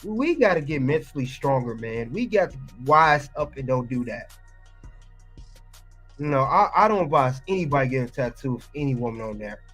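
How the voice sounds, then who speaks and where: A man's voice: medium pitch, expressive, moderate pace, a bit bright, faint music behind. A man hosting a reaction video, ranting and scolding as he comments on an interview clip.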